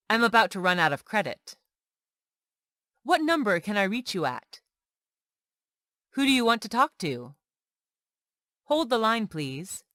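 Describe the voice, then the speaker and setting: A woman reading everyday English example sentences one by one for learners, slow and clear. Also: medium pitch, no room sound, studio quality. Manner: slow, clear, lively intonation on questions. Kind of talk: slow scripted reading of phrases.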